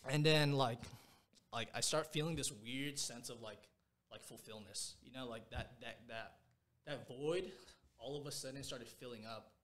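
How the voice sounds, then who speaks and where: A man's voice: medium pitch, a bit bright. A young man sits as a guest on a podcast and tells a long personal story in loose, everyday speech. He rambles and circles back, filling his sentences with slangy fillers as if he were talking with close friends. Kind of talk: casual storytelling.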